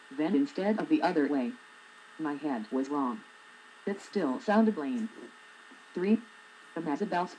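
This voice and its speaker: A woman's voice: low voice, darkish tone, slight background noise, low-quality recording. A woman in her forties, a blogger reading her own humorous essay aloud with a wry, sarcastic manner. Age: 40s.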